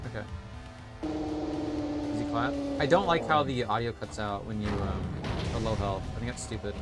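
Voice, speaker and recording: A man's voice: fairly low pitch, normal speed, loud music behind the voice. A young man casually commentating a video game stream, rambling and swearing often.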